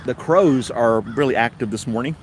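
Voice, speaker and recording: A man's voice: mid-range voice, normal speed, slight background noise. A man with a Tennessee accent hosting a casual livestream chat, rambling along in an easygoing way. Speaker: host.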